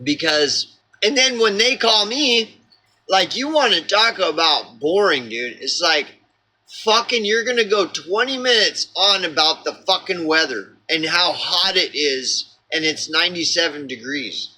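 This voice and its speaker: Oklahoma man vlogging a rambling, exasperated rant; slightly high, tense and forceful. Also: lively intonation, measured pace, low-quality recording. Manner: exasperated, profane, full of fillers and restarts.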